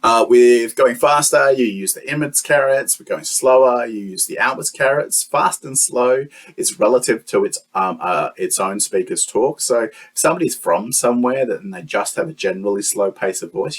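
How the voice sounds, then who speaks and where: A man teaching a lesson, explaining step by step with frequent "um" and "uh" fillers. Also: fairly low pitch. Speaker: lecturer. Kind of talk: teaching lecture.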